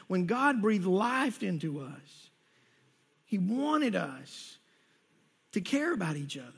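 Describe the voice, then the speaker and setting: A man's voice: very high-pitched, slightly rough. A male pastor giving a conversational sermon to his congregation, often repeating words as he goes. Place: church sanctuary.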